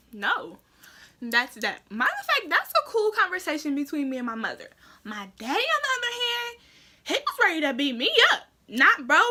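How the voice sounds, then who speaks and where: A young woman telling a story to camera in a casual vlog, acting out her family's lines and often saying "like" and "that's that". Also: high-pitched. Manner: animated storytelling, acts out quoted family voices; frequent "like" and "that's that" fillers. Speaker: vlogger.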